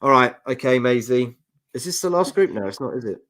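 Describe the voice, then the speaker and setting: A man's voice: mid-range voice, lively intonation, brisk, fairly bright tone. A man with a London accent co-hosting a casual football chat show, bantering and reading out viewer comments. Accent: London English. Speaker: football podcast co-host.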